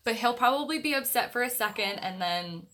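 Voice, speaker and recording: A woman's voice: a little high, fast talker, pushed and bright, slight background noise. A young woman chatting on a casual livestream from her grandmother's house, greeting viewers by name with many fillers. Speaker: livestream host of an online book club.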